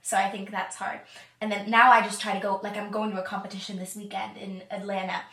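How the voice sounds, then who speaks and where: A woman guest in a casual conversation, answering in a thoughtful, earnest and relaxed way. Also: medium pitch, fast talker. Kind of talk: casual chat. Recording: roomy, mic at a distance.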